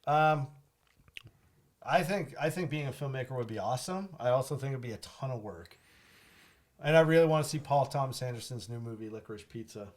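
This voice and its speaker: A man's voice: mid-range voice, a little fast. A man with a mid-range voice, chatting casually as a guest. He jokes around in a playful, upbeat way. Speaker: guest friend. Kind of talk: casual chat.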